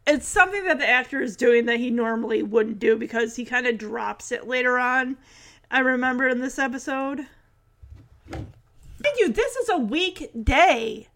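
A woman's voice: on the high side, expressive, moderate pace, a bit bright. A woman casually recapping a TV episode in a chatty way, with sarcastic asides.

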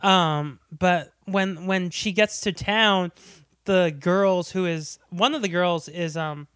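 High-voiced man in casual movie chat. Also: slow pace, a bit bright, smooth, dry recording, clean studio sound. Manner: chatty, laughs often, breaks into voices for quotes. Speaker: podcast co-host.

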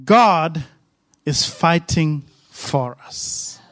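A man's voice: on the high side, expressive, very slow, fairly bright tone, no room sound. A man pastor preaching a sermon with emphatic, repetitive rhythmic phrasing.

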